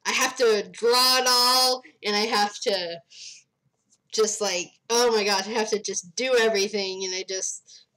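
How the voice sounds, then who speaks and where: A woman's voice: medium pitch, steady tone, measured pace, sharp tone, a little hiss or hum, low-quality recording. A young woman retelling the story of her comic on a livestream, rambling and hesitant, with lots of ums and giggles.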